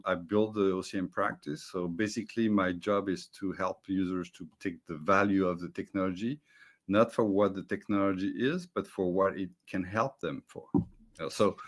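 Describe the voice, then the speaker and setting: A man with a French accent and French as his first language, a guest in an interview, earnestly explaining with small restarts, speaking over a video call. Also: on the low side. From France. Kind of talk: conversational interview.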